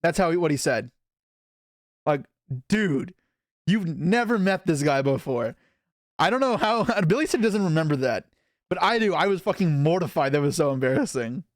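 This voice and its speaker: A young man from Canada talking loosely on his live stream, rambling and poking fun at himself as he answers chat. His voice sits a little high for a man, and the sound is close and dry with no room around it. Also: animated, normal speed, dry recording. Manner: rambling, self-deprecating, reading chat aloud.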